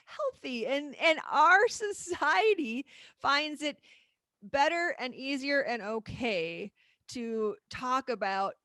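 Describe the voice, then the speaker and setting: A woman's voice: high-pitched, lively intonation, takes it slowly, pushed and bright, no echo, studio quality. A woman co-hosting a casual podcast chat, arguing her point emphatically and laughing as she talks. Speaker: podcast co-host.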